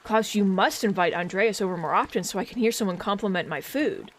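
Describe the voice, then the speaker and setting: A woman's voice: mid-range voice, a little fast, a little hiss or hum, close to an everyday voice. A woman reading the lines of a village wife and cook in a game, lightly and playfully. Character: warm middle-aged village wife and cook.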